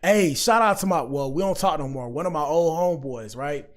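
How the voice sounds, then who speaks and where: A man's voice: on the high side, fairly quick, slight background noise. A man talking casually to his chat as a livestream commentary host, rambling and slangy. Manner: rambling, slangy, addresses chat often with "bro".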